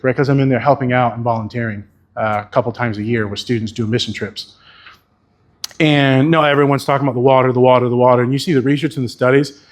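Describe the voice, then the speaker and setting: A man's voice: medium pitch, steady tone, fast. A man giving a conference keynote as a therapist, talking candidly and casually and swearing freely. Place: conference venue.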